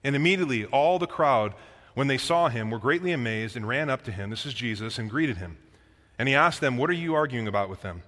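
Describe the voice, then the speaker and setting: Speaking at a medium pitch with lively intonation, this pastor moves a little fast, his tone fairly bright. He reads scripture aloud and explains it to the congregation in a conversational sermon, and the hall adds long reverb.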